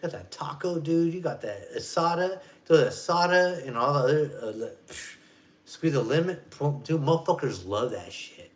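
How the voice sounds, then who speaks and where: A man's voice: a little high, lively intonation, normal speed. Profane rambling man in his forties. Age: 40s. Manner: profane, rambling, loose street slang. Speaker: vlogger. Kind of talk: casual rant.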